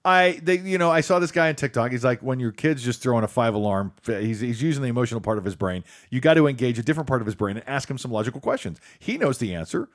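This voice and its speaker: A man's voice: mid-range voice, animated, quick pace, hardly any pauses. A man in his forties co-hosting a podcast, chatting casually, laughing often and acting out quotes. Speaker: podcast co-host. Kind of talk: casual chat.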